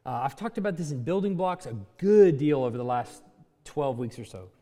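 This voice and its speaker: A man leads a Bible class in a relaxed, conversational way, often pausing on "um" and correcting himself mid-sentence. His voice sits a little high and swings widely up and down. The sound carries a long echo, as in a church hall. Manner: conversational, thinks aloud with fillers and self-corrections. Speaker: Bible teacher. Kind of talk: Bible class teaching with slides.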